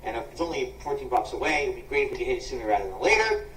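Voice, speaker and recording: A man's voice: medium pitch, lively intonation, racing, a bit bright. A man live streaming in a casual way, complaining about a video and pleading for donations. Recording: distant, echoey clip with faint hiss.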